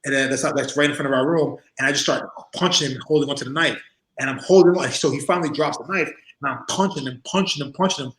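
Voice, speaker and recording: Speaking quickly at a medium pitch, this forties-aged ex-wrestler spins lively anecdotes in an easygoing interview, often breaking into laughter and mimicking others' voices. The sound is roomy and the recording rough.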